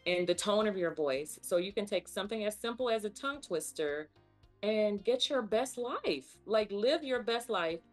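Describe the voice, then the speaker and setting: A woman's voice: medium pitch, animated, moderate pace, faint music behind. A woman speech pathologist, a guest on a talk show, explaining vocal health and leading tongue twister drills in an upbeat, coaching way. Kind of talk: casual instructional chat.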